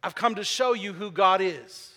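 A man's voice: high voice, moderate pace, sharp tone. A man preaching a sermon as pastor, asking his congregation questions and repeating key phrases for emphasis. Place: church sanctuary. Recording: long reverb of a large hall.

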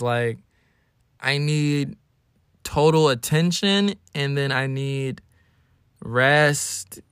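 A man's voice: medium pitch, no echo. Young man telling stories, dry and close. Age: 20s. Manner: animated storytelling, acting out his own whining. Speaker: podcast host. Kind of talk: casual solo podcast monologue.

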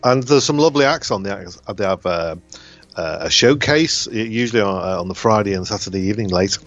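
A man's voice: lowish voice, a little fast, a bit bright, muffled recording, faint music behind. A man guesting on a podcast over a call, chatting in a rambling, hesitant way and repeating words. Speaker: comedian guest. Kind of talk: casual chat on a call. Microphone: call over the internet.

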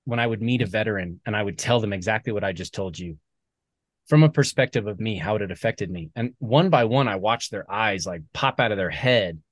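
A man, a military veteran and author, talking earnestly as a podcast guest, animated when he quotes other people. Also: on the low side, fairly quick, dry recording. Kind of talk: conversational storytelling.

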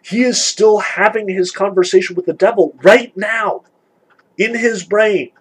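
A man lecturing on a novel, animated, sarcastic and emphatic, reading passages aloud. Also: high-pitched, a little slow, husky, poor audio. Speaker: literature lecturer.

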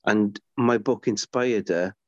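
A man's voice: on the low side, slow, no room sound. A middle-aged man chatting as an interview guest, eager and rambling, tripping over his words as he tells stories. His voice sounds dull and lo-fi, with a dry, close sound. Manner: enthusiastic, rambling storyteller with many restarts. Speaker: guest, author. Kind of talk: conversational podcast interview.

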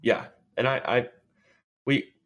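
A man co-hosting a casual fan podcast, retelling scenes excitedly with lots of filler words. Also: mid-range voice, slow pace. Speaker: podcast co-host.

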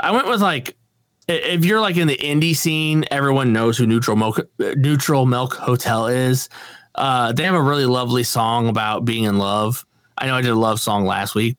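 A man's voice: medium pitch, fairly bright tone, no room sound, clean studio sound. A man co-hosting a podcast in casual chat, laid-back and swearing casually, laughing often. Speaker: podcast co-host.

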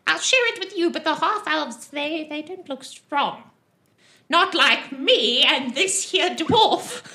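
A woman's voice: high voice, lively intonation, slow pace, sharp tone, pitched above the performer's own voice, heavily acted. A woman voicing a pushy old female gnome with a cane, talking in a sing-song, wheedling way. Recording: roomy echo.

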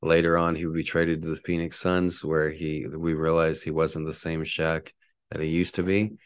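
A man's voice: extremely low pitch, level tone, moderate pace, smooth, no room sound. A man hosting a solo sports podcast from his apartment, rambling with lots of fillers. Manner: angry ranting at a neighbor outside. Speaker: podcast host. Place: apartment at home.

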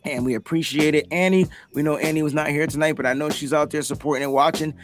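A young adult man hosting a casual livestream podcast, talking loosely and animatedly, breaking into shouts and laughter. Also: fairly high pitch, steady tone, fast talker, music in the background. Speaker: podcast host.

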